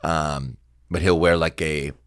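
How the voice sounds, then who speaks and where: A man's voice: a bass voice, slow, smooth, no room sound, clean studio sound. A young man, a comedian guest on a podcast, telling stories in casual chat with plenty of laughs, a little tipsy from beer. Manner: laughs often, animated storytelling with put-on voices. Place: podcast studio. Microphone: studio mic.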